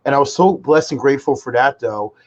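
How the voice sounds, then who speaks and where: A mid-range voice, brisk, with the highs cut off: a podcast co-host in his twenties chatting casually. He tells rambling, excitable stories, heavy on fillers like "like" and "freaking."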